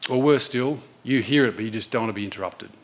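A man's voice: medium pitch, fast. A man preaching a sermon, telling a story in an earnest, conversational way.

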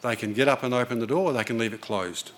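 A man's voice: medium pitch, quick pace. A man preaching a sermon, telling a story in an earnest, conversational way.

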